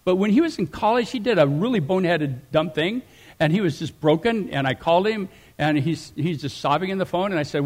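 Man preaching, middle-aged, slightly high voice, very lively, loud then soft. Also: brisk. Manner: animated preaching with sudden loud rises and soft drops. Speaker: pastor. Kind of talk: sermon.

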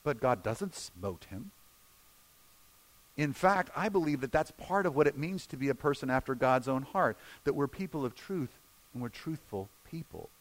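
A male pastor preaching a sermon, shifting between emphatic points and hushed, slow retellings of scenes. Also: medium pitch. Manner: expressive, drops to a hushed voice for quoted scenes.

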